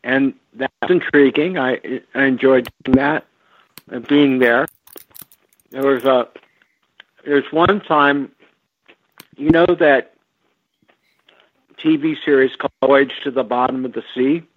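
A man talks slowly and haltingly, stopping often to restart his thoughts. His voice comes through a tinny phone connection with no room sound at all. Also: mid-range voice, no echo. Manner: slow, halting, with frequent fillers and restarts. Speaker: guest. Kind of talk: relaxed storytelling over a phone line. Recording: tinny phone line, dry.

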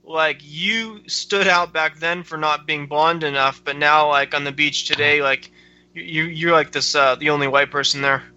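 A man with a very bright, tense voice interviews a guest, building his questions slowly around many "like" fillers. He sits somewhat high in pitch. The audio is dull and lo-fi. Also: steady tone. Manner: halting questions full of "like" fillers. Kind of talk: casual conversational interview.

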